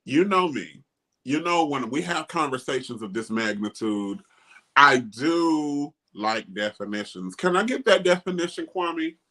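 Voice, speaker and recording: A man's voice: on the high side, measured pace. A middle-aged man hosting a casual talk show, speaking emphatically and animatedly. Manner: animated, emphatic, quotes others in mocking voices. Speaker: host. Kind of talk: casual discussion.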